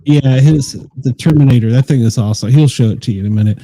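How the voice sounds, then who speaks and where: A man's voice: mid-range voice, quick pace, warm tone, dry recording, rough recording. A man hosting a podcast, chatting in an easygoing way. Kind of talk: casual chat.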